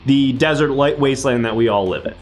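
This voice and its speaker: A man's voice: mid-range voice, fast, soft background music. A man in an improv comedy scene, talking in an earnest, defensive, bureaucratic way. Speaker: improv performer playing a wasteland official.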